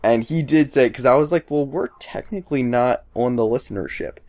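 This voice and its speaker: A man's voice: medium pitch, fairly quick, darkish tone, dry recording. A man co-hosting a podcast in casual chat, easygoing and a little hesitant. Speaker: podcast co-host.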